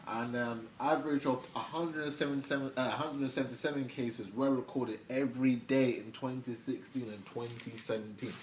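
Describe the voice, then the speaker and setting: A man's voice: mid-range voice, fairly even intonation, moderate pace, hardly any pauses. A young man hosting a news vlog, giving casual news commentary in a slangy, chatty way with offhand asides. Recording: echoey room, faint background noise.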